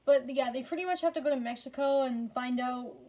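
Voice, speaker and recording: A woman's voice: high-pitched, a little fast, warm tone. A tired woman casually ranking movies in a rambling, profane way, full of fillers and frequent swearing. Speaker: movie reviewer.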